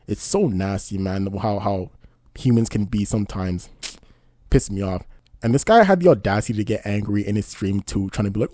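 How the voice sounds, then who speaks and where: A man's voice: fairly low pitch, animated, fairly quick, dark tone, no echo, clean studio sound. A man doing casual online commentary, indignant and rambling, often asking "you know what I mean". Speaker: commentary YouTuber.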